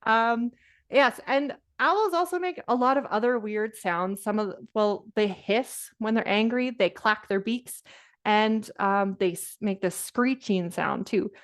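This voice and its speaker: A woman's voice: medium pitch, measured pace. A woman presenting a nature lesson to children over a video call, upbeat and encouraging, with laughs and fillers.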